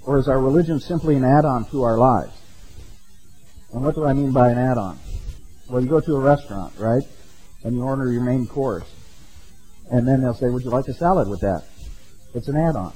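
A man's voice: mid-range voice, a little fast, pauses often, mellow, husky, soft background music, rough recording. A man preaching a sermon in a conversational way, often checking in with his listeners with "okay?" and "right?". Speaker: pastor.

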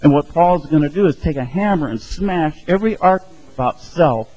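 A man's voice: on the high side, animated, fairly quick, mellow, poor audio. A male pastor preaching a sermon in a conversational way, acting out little quoted voices as he goes.

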